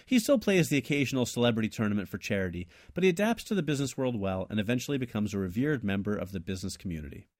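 Podcast co-host, man, animated storyteller, dry studio mic. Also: fairly low pitch, rapid-fire, hardly any pauses, dry recording. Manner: animated, laughs often, trails off and restarts. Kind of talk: casual chat, telling a made-up story ending.

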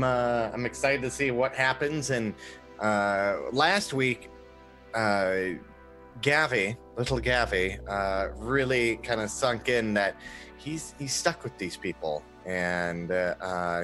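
A man's voice: lowish voice, fairly bright tone. A man who plays in a tabletop role-play game, chatting in a joking, casual way. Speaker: player. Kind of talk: casual chat.

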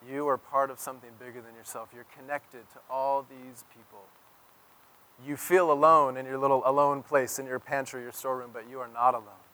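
A man preaching a sermon as pastor, telling stories and swinging from loud emphasis to near-whisper. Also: mid-range voice, flat delivery, brisk.

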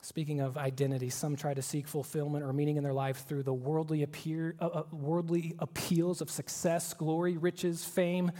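A pastor delivers an earnest, emphatic sermon. His voice sits high for a man, and he often drops to a hushed, grave tone. The sound carries the long reverb of a large church hall. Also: flat delivery, moderate pace, few pauses. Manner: earnest, emphatic preaching with shifts to hushed tones.

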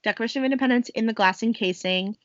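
A young woman co-hosting a podcast, chattily recapping a movie with quick acted-out quotes. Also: a little high, dry recording, dull audio. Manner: chatty, quick quoted voices, laughs often. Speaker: podcast co-host. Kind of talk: casual chat recapping a movie.

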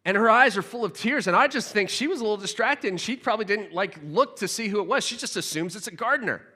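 Bright-voiced, expressive male preacher. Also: high voice, quick pace, long reverb tail. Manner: expressive storytelling, swinging from hushed to excited. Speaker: pastor. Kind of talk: sermon.

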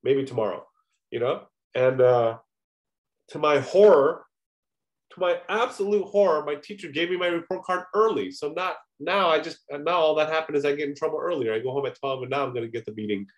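A man's voice: on the high side, brisk. A man giving a conversational sermon, earnest and personal, often adding "you know" as he talks. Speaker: preacher.

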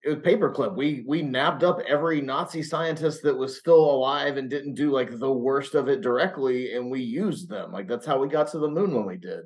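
Man, medium pitch, podcast guest, video call, blunt, swearing, counterpoints. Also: fairly quick, few pauses. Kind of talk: casual podcast chat over video call.

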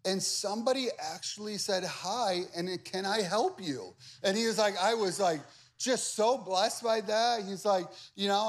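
Guy pastor with a fairly high voice, chatty sermon, keeps repeating his point. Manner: animated and repetitive, swings between loud and hushed. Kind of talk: conversational sermon.

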